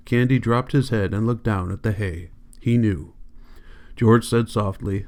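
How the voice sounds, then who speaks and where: A man reading a novel aloud as an audiobook narrator, in a steady, measured manner. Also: lowish voice. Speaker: audiobook reader.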